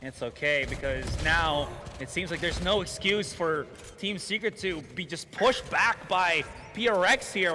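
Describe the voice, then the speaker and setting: A man casting a competitive video game match, giving lively play-by-play and analysis with jokes. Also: high voice, a little slow. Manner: excitable, jokey analysis. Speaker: esports caster. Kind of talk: play-by-play commentary. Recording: hall reverb with faint noise.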